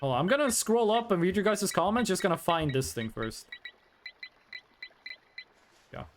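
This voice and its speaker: Male streamer, high animated voice, rambling chat banter, faint background hiss. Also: normal speed. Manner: rambling, reads chat aloud, frequent ums. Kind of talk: casual live-stream chat.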